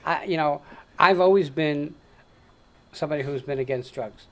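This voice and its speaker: A man's voice: fairly high pitch, normal speed. A man in his sixties hosting a casual interview, talking emphatically and often checking in with "Okay?". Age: 60s.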